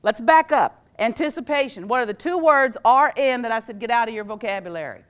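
A woman teacher gives an animated workshop talk, quizzing her audience and acting out phrases. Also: fairly high pitch, a little fast, clear, resonant tone. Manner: animated, quizzes the audience with call-and-response questions; acts out quoted phrases in playful voices. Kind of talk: live interactive workshop talk.

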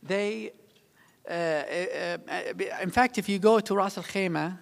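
A middle-aged man from the United Arab Emirates, a diplomat giving a public speech, halting with many fillers and restarts. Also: high-pitched, gravelly, in a large hall.

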